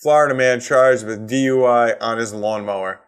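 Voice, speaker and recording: A man's voice: mid-range voice, steady tone, normal speed, smooth. A man from Massachusetts with a Boston accent, hosting a solo comedy podcast and ranting with heavy swearing and sarcasm. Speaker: podcast host.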